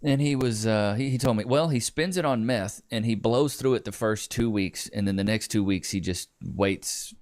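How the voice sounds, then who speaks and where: Hosting a livestream podcast, a man with a fairly low voice tells a family story casually at normal speed, barely pausing. An animated storyteller, he does voices and jokes with the chat.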